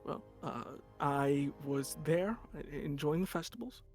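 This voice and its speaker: A man voicing an older male war general who gives slow, halting testimony full of pauses and fillers. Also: on the high side, expressive, darkish tone, faint music behind. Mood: solemn. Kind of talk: tabletop game character voice.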